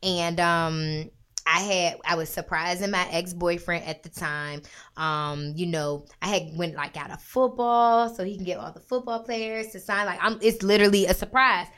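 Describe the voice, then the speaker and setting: A woman chatting casually and telling a story in a lively, slangy way, dropping to a hush and then jumping up loud. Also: on the low side, moderate pace, smooth. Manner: animated, slangy, jumps between hushed and loud.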